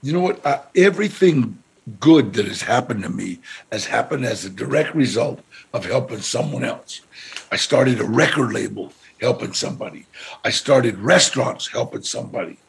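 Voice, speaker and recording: An older man and actor, telling stories in a halting way, repeating words and turning lively when quoting others. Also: mid-range voice, creaky, husky. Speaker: actor, interview guest. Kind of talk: casual storytelling.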